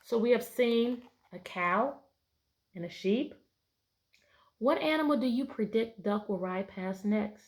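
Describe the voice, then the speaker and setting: A woman's voice: on the high side, animated, a little slow. Woman teacher reading a picture book. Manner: patient, asks many prediction questions; bright, playful voices for story animals.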